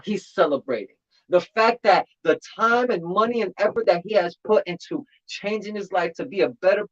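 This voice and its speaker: Man, casual recap commentary, repeats phrases, slightly dull lo-fi sound. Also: high voice. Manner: animated, repeats phrases for emphasis. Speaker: battle rap commentator.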